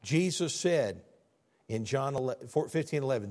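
Animated pastor preaching. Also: male voice, moderate pace. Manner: animated, acts out scenes and quotes; drops low and quiet for earnest points. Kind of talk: sermon.

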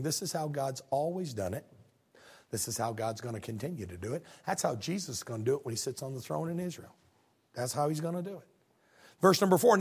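A man preaching a sermon as a pastor, folksy and animated, with joking asides. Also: fairly high pitch, vocal fry, husky.

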